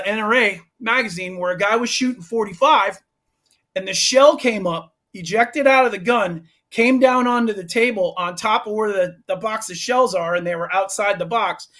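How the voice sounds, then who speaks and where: A man with a notably high speaking voice tells a long, winding story in a relaxed interview. He owns a gun shop and teaches firearms safety, and he talks in loose, animated bursts full of asides and restarts. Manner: animated, rambling anecdote with restarts. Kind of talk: casual storytelling in a podcast interview.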